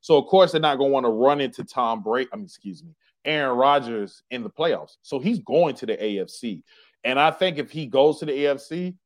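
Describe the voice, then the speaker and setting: Lively, opinionated man hosting sports talk. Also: medium pitch, fairly quick. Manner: opinionated, emphatic, casual slang. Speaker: sports podcast host. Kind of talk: casual sports debate chat.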